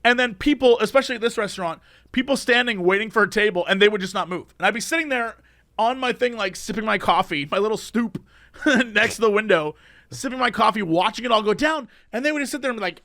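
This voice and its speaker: A man co-hosting a podcast, ranting and telling stories in an animated casual chat. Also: high voice, quick pace, no room sound, clean studio sound. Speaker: podcast co-host.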